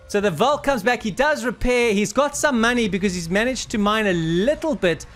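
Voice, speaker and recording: A man casting a video game match with animated commentary, urging the players on and out of breath. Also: sits high. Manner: animated, urges players on, laughs in disbelief. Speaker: game caster. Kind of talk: excited esports commentary.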